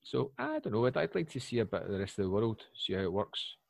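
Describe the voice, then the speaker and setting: Lively Scottish man with a low voice. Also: fast, creaky, no echo. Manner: animated storyteller, bursts up loudly for asides. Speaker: guest. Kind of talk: casual podcast chat.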